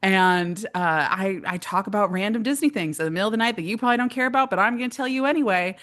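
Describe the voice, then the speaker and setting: Woman podcast guest, chatty, animated, mid-pitched voice. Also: quick pace. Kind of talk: casual interview.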